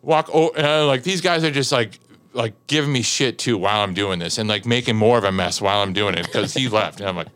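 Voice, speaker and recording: A podcast guest in his thirties tells a long anecdote in casual chat, speaking a little fast in a lowish, clear, resonant voice. He's an animated storyteller who laughs often and fills his talk with "like."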